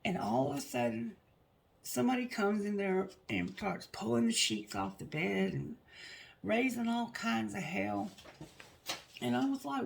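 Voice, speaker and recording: A woman's voice: fairly high pitch, moderate pace, gravelly. A middle-aged woman telling a personal story, blunt and heated, swearing freely. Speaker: tarot reader.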